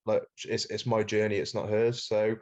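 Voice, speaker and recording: Monotone Welsh man, lo-fi sound. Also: lowish voice, moderate pace. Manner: self-described monotone, chatty, says "mate" often. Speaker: guest. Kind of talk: casual interview chat. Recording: dull lo-fi sound.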